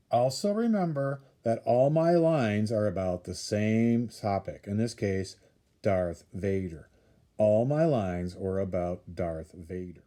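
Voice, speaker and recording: A man's voice: fairly low pitch, mellow. A man teaching a class, explaining step by step in a patient way and counting things out as he repeats the key points. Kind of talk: classroom instruction video.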